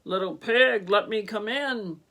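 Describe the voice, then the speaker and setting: A woman's voice: mid-range voice, a little slow, fairly bright tone. A woman putting on a demanding big bad wolf.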